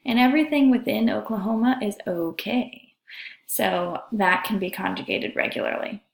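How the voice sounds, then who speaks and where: A woman's voice: medium pitch, gravelly. A woman teaching a German grammar lesson, carefully drawing out each example word. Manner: slow, careful, drawn-out pronunciation of examples. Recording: echoey room.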